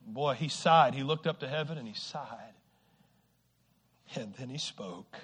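A man preaching a sermon to a congregation, shifting from quiet, slow stretches to loud exhortation and stumbling over repeated words. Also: mid-range voice, slightly rough. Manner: swings from hushed to shouting exhortation, repeats words; acts out quoted people with sudden shifts.

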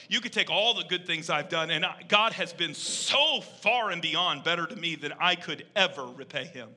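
A man preaching a sermon, rising to loud, emphatic peaks and dropping to hushed, earnest intensity. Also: high voice, lively intonation, moderate pace, few pauses.

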